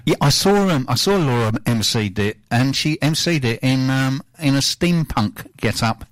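A man hosts a radio show from the studio, chatting loosely and reading out shout-outs. He trips over his words now and then and laughs easily at himself, speaking into a studio microphone. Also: medium pitch, expressive, moderate pace. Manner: chatty, self-mocking, stumbles and laughs easily.

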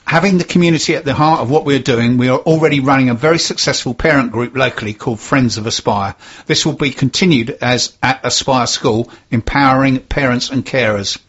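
A man's voice: medium pitch, brisk, fairly bright tone, husky, highs cut off. A man presenting on local radio, steadily reading community announcements and carefully spelling out details.

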